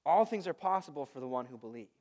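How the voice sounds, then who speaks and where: High-voiced man preaching conversationally. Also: fast talker. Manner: conversational, storytelling with lively asides. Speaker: pastor. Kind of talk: sermon.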